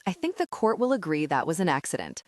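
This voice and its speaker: A flustered young woman, nervous and quick with a joke, as the narrator voices her. The voice is lowish for a woman yet swings through a wide pitch range, and it sounds close and dry. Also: very animated, no room sound.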